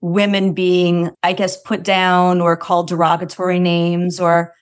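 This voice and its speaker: A woman's voice: on the low side, completely flat delivery, a little slow. A woman hosting an interview, asking careful, thoughtful questions with frequent restarts. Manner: thoughtful, hesitant, many restarts and "like". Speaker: podcast interview host.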